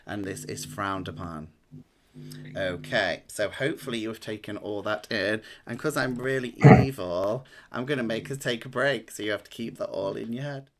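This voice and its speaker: A man running a tabletop game as game master, explaining rules in a relaxed, rambling way with many ums. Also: fairly low pitch, slight background noise.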